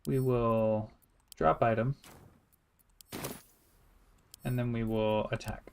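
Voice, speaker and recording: A man's voice: mid-range voice, flat delivery, slow, noisy background. A man giving casual, rambling let's-play commentary, thinking aloud in a wry tone. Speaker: gameplay streamer.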